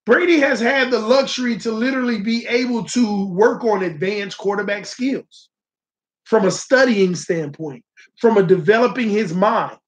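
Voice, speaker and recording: High-voiced man hosting a sports livestream. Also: moderate pace. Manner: animated, talks straight to viewers. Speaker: sports channel host. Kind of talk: casual live-stream sports talk.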